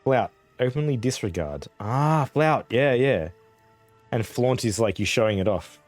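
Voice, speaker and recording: A man's voice: on the low side, lively intonation, normal speed, a little mellow, faint music behind. An Australian man chatting casually on a game stream, rambling, chuckling often and swearing offhandedly. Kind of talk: casual live-stream chat.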